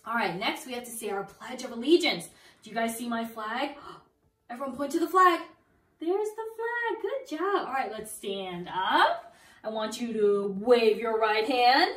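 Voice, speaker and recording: High, sing-song preschool teacher. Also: female voice, expressive, a little slow, a bit bright. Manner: sing-song, exaggerated, encouraging teacher talk. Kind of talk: circle time for toddlers. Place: her home. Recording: roomy sound, far from the mic.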